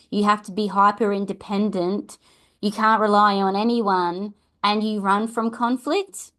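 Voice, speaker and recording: A middle-aged Australian woman hosting a parenting talk, chatty and earnest, often adding tag questions. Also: mid-range voice. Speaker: podcast host and parenting coach. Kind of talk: casual advice talk.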